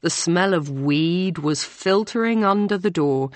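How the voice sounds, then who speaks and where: A woman reading a novel aloud in measured scripted narration. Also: fairly low pitch, animated, dry recording. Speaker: audiobook narrator.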